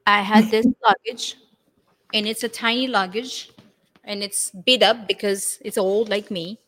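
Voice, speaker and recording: A woman, a guest telling her spiritual story in an expressive way and acting out the voices she quotes. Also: medium pitch, measured pace. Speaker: interview guest. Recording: long hall reverb.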